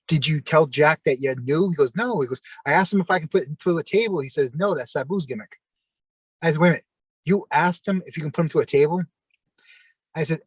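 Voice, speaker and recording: A man's voice: on the high side, slightly rough, no room sound. A man, a former wrestler telling long anecdotes in a casual interview, full of fillers and quoted dialogue.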